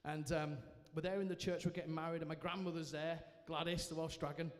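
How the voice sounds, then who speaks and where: A man giving a personal testimony to a live audience, telling it as a lively story with self-mocking humour. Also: fairly high pitch, brisk. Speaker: guest speaker sharing his testimony. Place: large church hall, indoors. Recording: reverberant church hall.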